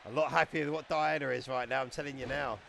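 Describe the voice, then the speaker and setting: A man giving casual, excitable live-stream commentary on a wrestling game, chatting and laughing as he goes. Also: mid-range voice, fast, vocal fry, a crowd in the background.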